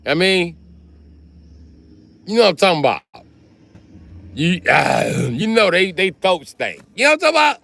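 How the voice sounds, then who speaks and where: A man, telling crude comedic stories on a livestream and swinging between loud outbursts and muttering. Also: high voice, big pitch swings, normal speed, creaky, pauses often. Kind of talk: rambling comedic storytelling.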